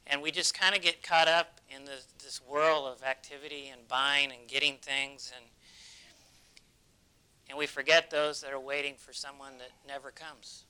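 A man's voice: mid-range voice, steady tone, moderate pace, sharp tone, smooth, rough recording. A man preaching a sermon, telling stories in an earnest way. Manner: earnest storytelling.

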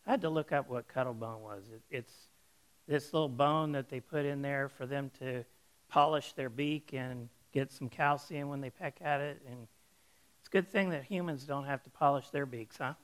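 A man preaching, telling a folksy, animated story to make a sermon point. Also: mid-range voice, normal speed.

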